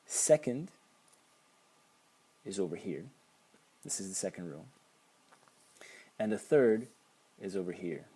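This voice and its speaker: A man's voice: deep voice, very animated, takes it slowly, pauses often, mellow, slightly rough. A man teaching pronunciation at a whiteboard, patiently repeating sounds for the learner. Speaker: language teacher.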